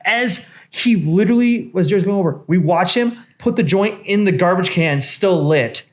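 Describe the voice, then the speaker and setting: A man, a bartender, telling a bar story in casual chat, profane and animated. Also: high-pitched, normal speed. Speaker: bartender and podcast co-host.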